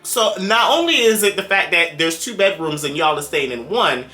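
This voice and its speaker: A young man telling a personal story to his viewers in a casual, animated way, exclaiming often and talking to the audience directly. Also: on the high side, normal speed, soft background music. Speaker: storytime vlogger.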